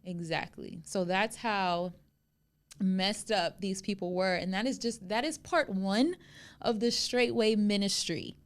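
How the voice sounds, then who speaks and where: A woman's voice: mid-range voice, a little slow. A woman co-hosting a podcast, telling a story in casual chat, acting out quotes and swearing freely. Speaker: podcast co-host.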